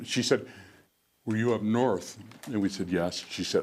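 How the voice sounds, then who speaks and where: Older man telling war stories, low voice. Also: a little slow. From United States. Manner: rambling, frequent restarts and fillers. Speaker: guest speaker, veteran. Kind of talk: storytelling talk to an audience. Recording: faint background noise.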